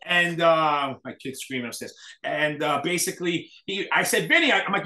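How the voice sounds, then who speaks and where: Animated New storyteller, echoey room. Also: male voice, on the high side, moderate pace. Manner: animated storyteller, acts out quotes. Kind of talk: casual storytelling chat.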